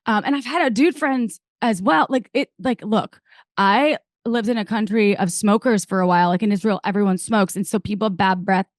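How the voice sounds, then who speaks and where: Brief: woman podcast host, chatty rambling storyteller, dry close sound, mid-pitched voice. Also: brisk, no room sound. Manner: rambling, animated storytelling with many fillers. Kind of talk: casual podcast chat.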